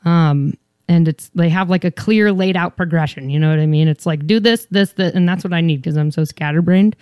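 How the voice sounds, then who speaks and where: Woman guest chatting, jokey and self-deprecating, swears a lot, smooth clear voice. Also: fairly low pitch, fairly quick, no echo, clean studio sound. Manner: animated, self-mocking, swears freely. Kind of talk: casual chat.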